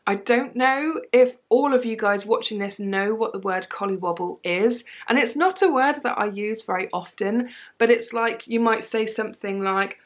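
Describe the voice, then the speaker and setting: A young British woman with a British accent chatting casually to camera in a tag video, lively and quick to laugh. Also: a little high. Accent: British English. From Britain. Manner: chatty and animated, laughs easily. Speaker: vlogger.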